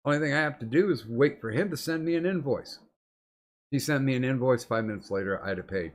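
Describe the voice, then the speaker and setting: A man's voice: mid-range voice, lively intonation, quick pace. A middle-aged man hosting a podcast, telling long rambling stories in casual chat, swearing often. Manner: profane, rambling storyteller. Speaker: podcast host.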